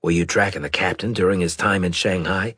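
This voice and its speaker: Man doing a worn-out dutiful sergeant, deferential, husky low voice, dry close sound. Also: fairly even intonation, a little fast, fairly bright tone, no echo. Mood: guarded. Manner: tired and deferential. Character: weary dutiful male sergeant, mid-career.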